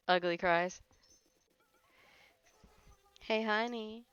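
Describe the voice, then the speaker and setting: A woman hosts a casual livestream, chatting with viewers, teasing them playfully, and laughing often. Her mid-range voice is clear and resonant, with no room sound and the high frequencies cut off.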